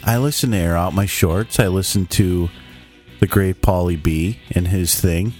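A man's voice: deep voice, measured pace, a little mellow, soft background music. A man co-hosting a podcast, reading listener comments in casual chat, laughing and swearing freely. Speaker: podcast co-host.

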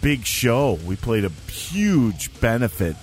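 A man co-hosting a casual podcast, bantering and breaking into loud mock voices. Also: mid-range voice, very animated, takes it slowly, faint music behind. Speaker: podcast co-host.

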